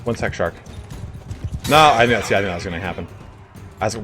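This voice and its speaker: A man casually commenting on a game he plays live, chatting with viewers and breaking into excited reactions. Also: lowish voice, fast talker, faint music behind. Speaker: game streamer.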